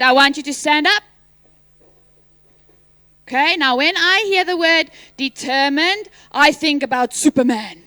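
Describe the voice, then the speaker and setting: Speaking into a microphone at a school assembly, a woman teacher teases and quizzes the pupils, sometimes calling out loudly. Her voice is high and a little slow, with no echo.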